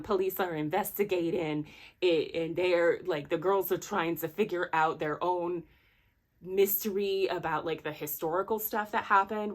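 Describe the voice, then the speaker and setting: A woman with a slightly low-pitched voice gives a casual book review on her own channel. She rambles along in loose, chatty phrases packed with fillers and drops in self-deprecating apologies. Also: breathy edge. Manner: rambling and chatty, full of "like" and "you know". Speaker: book vlogger.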